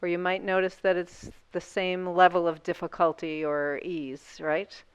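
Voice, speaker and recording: A woman's voice: fairly low pitch, level tone, unhurried, clean tone, dry recording. A woman instructor guiding a seated yoga class, talking through each movement step by step in an encouraging way.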